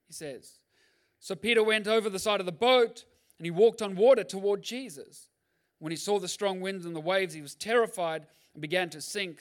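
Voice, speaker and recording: A male pastor preaching a sermon in an animated, jokey way, acting out Bible scenes. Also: high voice, moderate pace.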